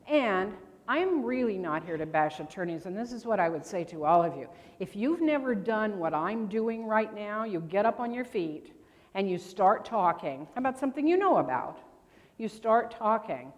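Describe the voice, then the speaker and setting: An older woman with a mid-range, very animated voice presents grammar at a convention workshop, speaking at a moderate pace. She's chatty and keeps quizzing her audience. The large convention hall gives the recording a long reverb.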